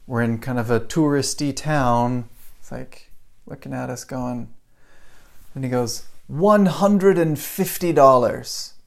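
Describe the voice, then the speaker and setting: A man in his thirties hosts a podcast, speaking straight to his camera in an easy, storytelling way. His voice sits mid-range in pitch. He keeps it animated, laughing lightly and checking in with rhetorical questions. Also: creaky. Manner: animated, chuckles often, asks rhetorical "right?". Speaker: podcast host.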